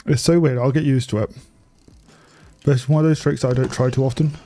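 A man's voice: medium pitch, fairly even intonation, fairly quick, dark tone, soft background music. A young man, chatting and swearing casually while streaming a bike game. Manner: chatty, swears freely, laughs often. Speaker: gaming streamer. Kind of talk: casual live-stream commentary.

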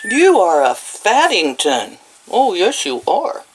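A woman's voice: mid-range voice, wildly swooping pitch, slow, breathy edge. An older woman vlogging at home, talking sweetly to her animals in baby talk. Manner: coos and baby-talks to the animals, laughs often. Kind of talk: casual vlog, talking to animals.

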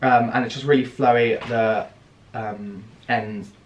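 A man's voice: mid-range voice, fairly even intonation, measured pace, slight background noise. A young British man chatting through a fashion haul, gushing with theatrical gasps and squeals. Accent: British English. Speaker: fashion vlogger. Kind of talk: casual haul video chat. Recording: echoey room with faint ambience.

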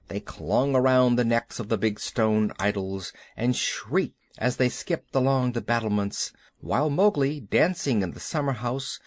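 A man narrates a children's audiobook, telling the story expressively and unhurriedly. His voice is medium-pitched, and the recording has no echo.

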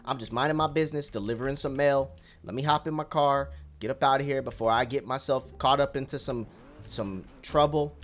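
A young man giving casual, slangy gameplay commentary as a YouTuber, rambling and excitable, shouting at other drivers. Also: mid-range voice, fairly quick, faint music behind. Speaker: gaming YouTuber.

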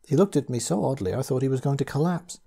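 A man reading a first-person horror tale aloud, his delivery measured and grave. His voice is mellow and warm, with a husky grain to it. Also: medium pitch, animated. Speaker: audiobook reader.

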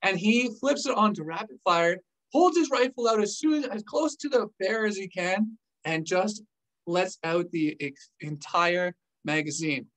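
Ex army officer storytelling vlog, acts it all out, pitch jumps around a lot. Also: measured pace, far from the mic, poor audio. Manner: animated, acts scenes out with gestures.

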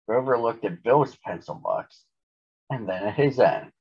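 A man reading a children's storybook aloud in a gentle, unhurried way. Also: mid-range voice, animated, breathy edge. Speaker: storybook reader. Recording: dull lo-fi recording.

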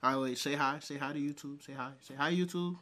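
A man hosting a casual reaction video. He talks excitably, swears, and breaks into loud laughter. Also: a little high, fast. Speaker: video host.

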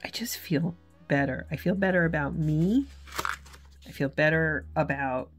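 Low-voiced earnest woman vlogger. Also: measured pace, soft background music. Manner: earnest, candid, self-correcting. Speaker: faith vlogger. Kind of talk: casual devotional vlog talk.

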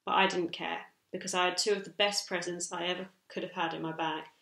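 A woman teacher reading a children's chapter book aloud in a steady storytelling manner. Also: fairly low pitch, brisk, vocal fry, reverberant. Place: school room.

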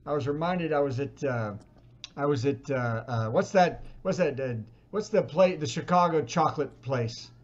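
Lo-fi video-call comedy host. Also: male voice, fairly high pitch, normal speed. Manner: rambling, fumbling for words. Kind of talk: stand-up storytelling and hosting.

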